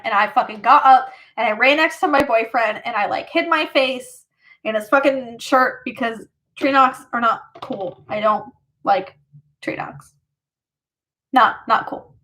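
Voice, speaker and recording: Woman streamer, casual storyteller, rambles with fillers and laughs, high voice. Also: normal speed, bright, forceful tone. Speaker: livestreamer.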